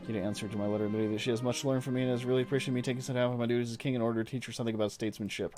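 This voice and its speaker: A man casually commenting on his strategy game, muttering to himself and reading the game's text aloud. Mid-pitched and conversational, with soft game music running behind him. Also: level tone, rapid-fire, few pauses. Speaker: game streamer.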